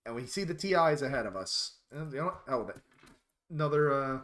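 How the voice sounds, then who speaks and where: A man's voice: medium pitch, expressive, a little fast, fairly bright tone. A man casually telling rambling stories on a live stream, laughing at his own tales.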